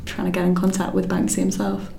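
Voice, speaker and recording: A woman on a production team talks through the next steps in an easygoing, practical way. Her voice is on the low side, and the room is echoey, with faint background noise. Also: completely flat delivery, fast talker, gravelly, warm tone. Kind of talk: casual team meeting.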